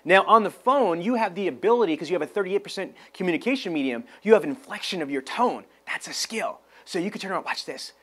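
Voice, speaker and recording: A man coaching salespeople with a pumped-up, motivational energy that keeps building. His voice sits high, and he breaks into excited whoops. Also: fast, hardly any pauses. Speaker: sales trainer. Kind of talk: motivational sales training talk.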